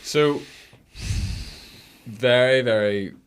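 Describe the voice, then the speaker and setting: A man hosting a podcast interview, giving short prompts and measured questions. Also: medium pitch, smooth. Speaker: podcast host. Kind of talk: casual interview.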